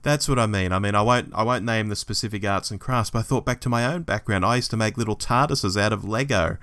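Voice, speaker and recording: A man's voice: on the low side, fast, fairly bright tone, dry recording. A man with an Australian accent co-hosting a podcast, chatting enthusiastically. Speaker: podcast co-host. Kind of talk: casual chat.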